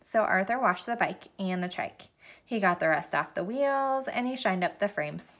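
A woman reading a children's picture book aloud to a child at home, in a gentle storytime manner with small slips. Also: medium pitch, expressive, moderate pace.

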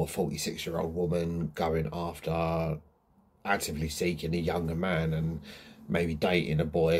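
A man's voice: sits low, a little mellow, husky. A young man hosting a true crime channel, explaining a case in a casual, rambling way full of ums and asides.

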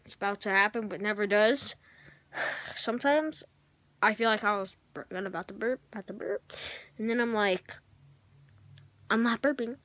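A woman's voice: medium pitch, normal speed, a bit bright, no room sound. A girl vlogging from her bedroom, rambling and self-mocking, often sighing and dropping to a whisper. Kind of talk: rambling casual vlog to camera. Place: bedroom, on a bunk bed.

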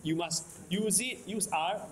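A man's voice: high-pitched, a little slow, noisy background. A man with a Singaporean English accent giving a math lecture, repeating key points and checking in with the class often. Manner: repetitive, keeps checking in with "okay? can?". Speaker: math teacher.

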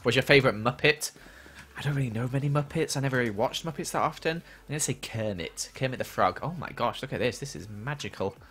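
A man's voice: medium pitch, fast, a bit bright, husky. A young man chatting casually on a gaming livestream and answering viewer questions as he plays.

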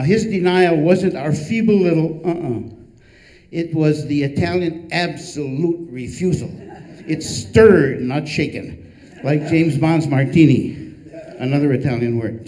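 An older man, an author, reading a humorous memoir aloud with a dry, wry delivery and deadpan punchlines. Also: a little high, a little slow, poor audio.

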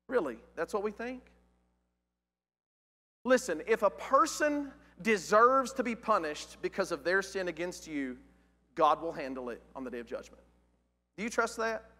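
A man preaching a sermon in a church, animated, asking the congregation rhetorical questions. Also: sits high, normal speed, pauses often. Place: church auditorium. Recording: long hall reverb.

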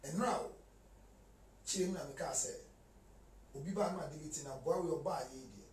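A man talking in a lively mix of Twi and English as a guest in a casual chat. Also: on the high side, brisk, recorded from a distance, slight background noise. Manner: animated, switches between Twi and English. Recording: echoey room, voice from off-mic.

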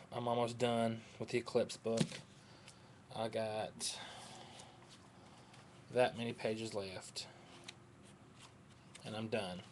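A man's voice: mid-range voice, slight background noise. A man rambling to his webcam at home, hyper and scattered but tired. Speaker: vlogger. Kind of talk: rambling casual webcam chat.

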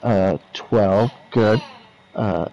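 A man's voice: lowish voice, drawn-out words, gravelly, mellow. A man co-hosting a game stream, playful and teasing in casual chat. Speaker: co-host. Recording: dull, lo-fi sound.

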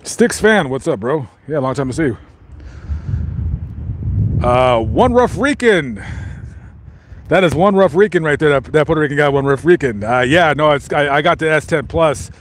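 A man's voice: fairly high pitch, expressive, normal speed, pauses often, a little hiss or hum. A man casually chatting to his live stream viewers while walking around, rambling with lots of fillers and restarts. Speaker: vlogger reading live chat.

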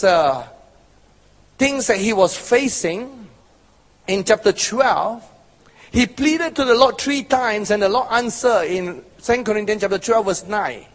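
A man preaching a sermon, stretching out key words and then pressing hard on others. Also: high-pitched. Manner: emphatic, drawn-out phrasing with bursts of force. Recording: hall reverb.

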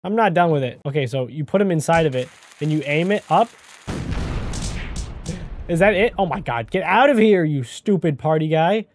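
Guy doing lets-play commentary, super animated voice swinging all over, yelps and shouts when stuff happens, desk mic. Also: a little high, moderate pace. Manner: excitable, yelps and shouts at surprises. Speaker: gaming channel host. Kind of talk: let's-play game commentary. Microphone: desk microphone.

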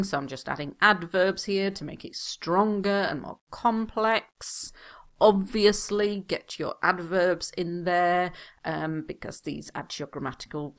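Woman, low-pitched exam teacher, clear explanatory delivery with punchy emphasis. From United Kingdom. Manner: clear, explanatory, stresses key words. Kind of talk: recorded language lesson.

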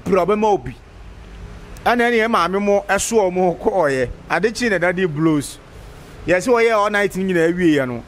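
A man's voice: sits high, animated, unhurried, slight background noise. A man in a street interview, talking conversationally with frequent restarts.

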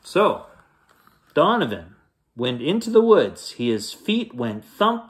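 A man reads a children's bedtime story aloud, playfully acting out footsteps and noises. His pitch moves a great deal, and he takes an unhurried pace, with a mid-range voice. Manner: animated, playful read-aloud with sound effects.

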